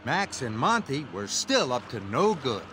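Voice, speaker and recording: A man narrating a children's story aloud in a slow, read-aloud manner. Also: medium pitch, very animated, noisy background. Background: background music.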